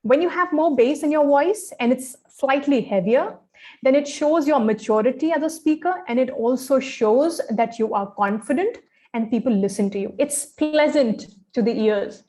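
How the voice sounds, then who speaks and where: A woman's voice: high-pitched, moderate pace, warm tone. A woman coaching pageant contestants on posture and speech, speaking in an instructive, friendly way with many fillers and checks of "okay". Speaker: pageant fashion and grooming coach. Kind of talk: training session talk.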